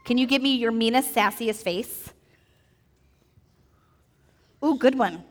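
A woman telling a Bible story to children in a lively, playful way, asking them questions as she goes. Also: on the high side, normal speed, big-room sound. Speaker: children's message teacher.

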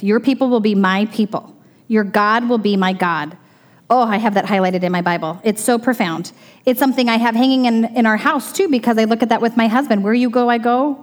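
A middle-aged woman teaching a Bible story to children in a lively way, stopping to ask the kids questions. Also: fairly high pitch. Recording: long reverb of a large room.

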